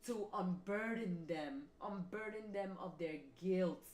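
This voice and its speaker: Speaking slowly in a lowish, darkish voice, a tarot reader does a reading for her viewers, emphatic and repetitive in a preacher-like way. The room sound is spacious with a faint hum of ambient noise.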